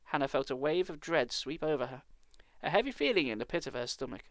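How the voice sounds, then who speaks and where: A man's voice: fairly high pitch, big pitch swings, quick pace, no echo. A British man reading a children's book aloud live, with dry, sarcastic asides. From Britain.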